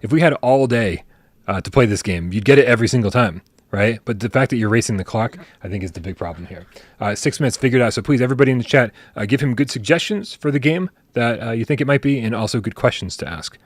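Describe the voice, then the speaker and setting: A man's voice: mid-range voice, animated, quick pace, no room sound. A man hosting a casual live stream, chatty and joking as he reads out viewer tips. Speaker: podcast host.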